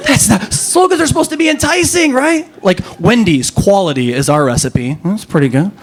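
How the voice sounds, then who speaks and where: A man performing a stand-up comedy set, telling stories with animated, rising punchlines. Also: moderate pace. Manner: animated storytelling, jumps to high pitch for punchlines.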